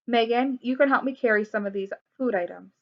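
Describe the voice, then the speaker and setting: A woman reading the part of a caring mother who takes charge in a storybook, speaking briskly and urgently. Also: a little high, natural voice. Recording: dull lo-fi recording.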